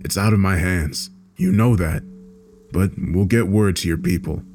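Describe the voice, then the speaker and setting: A man playing a hardened gangland hitman, cold and unhurried, speaking in short gruff clipped lines in a deep voice. he sounds like a killer who has done this job many times before. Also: darkish tone, slight background noise, lightly acted. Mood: cool, grim. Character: cold hardened male mob hitman boss.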